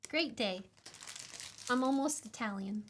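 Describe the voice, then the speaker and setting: A woman's voice: a little high, measured pace, a little hiss or hum. A young woman streaming while she solders, chatting casually in a rambling, giggly, self-mocking way.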